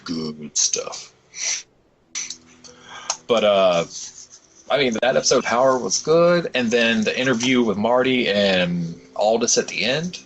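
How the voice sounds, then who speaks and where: A man's voice: medium pitch, a little slow, long pauses, dull audio, a little hiss or hum. A young man co-hosting a podcast, rambling and swearing freely as he retells things. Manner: rambling, swears freely, quotes others in animated bits. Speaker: podcast co-host. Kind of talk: casual chat.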